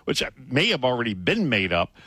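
Bright, blunt male sports radio host. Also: medium pitch, wildly swooping pitch, fairly quick, slightly rough, no room sound. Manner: blunt, opinionated. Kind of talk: sports talk radio chat. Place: radio studio.

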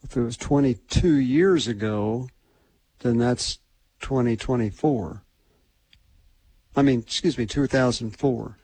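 A husky man talks casually on a sports radio show. He thinks out loud in an easy conversational way. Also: medium pitch, slow pace, long pauses, rough recording. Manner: conversational, musing over numbers and guests.

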